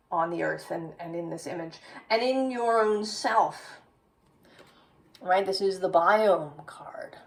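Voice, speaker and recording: Woman tarot reader, slow and lowish, thinks out loud, slightly off-mic. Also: gravelly, recorded from a distance, poor audio. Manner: slow, musing, with many "right?" tags. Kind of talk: tarot reading.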